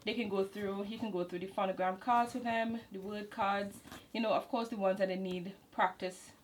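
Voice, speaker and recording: A woman's voice: medium pitch, fairly even intonation, normal speed, poor audio. Lady walking thru a reading lesson, chatty and loose, a bit of hiss behind. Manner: casual, explanatory, with fillers and self-corrections. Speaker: homeschool channel host. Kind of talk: walking through a curriculum manual.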